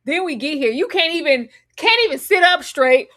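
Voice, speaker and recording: A woman giving casual, slangy commentary as a reality TV reviewer, animated and sassy, with sudden loud outbursts. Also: high-pitched, moderate pace, hardly any pauses.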